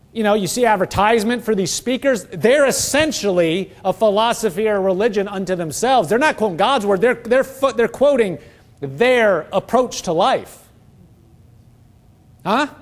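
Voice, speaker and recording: High-voiced man preaching earnestly. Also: animated, measured pace. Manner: earnest, asks many rhetorical questions. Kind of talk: conversational Bible teaching.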